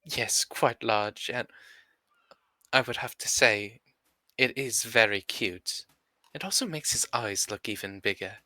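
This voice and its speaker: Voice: medium pitch, unhurried, pushed and bright, no room sound. A player in a live-streamed tabletop role-play game, speaking formally in character and narrating in the third person.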